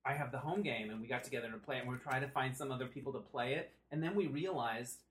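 Very low-voiced woman host. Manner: quick, chatty, reading questions from cards. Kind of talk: casual interview chat.

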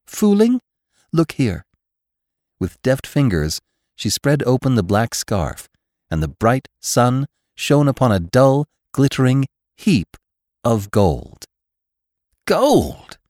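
In a measured, expressive reading, a male audiobook narrator with a mid-range voice narrates a classic novel. The studio-quality recording has no room sound.

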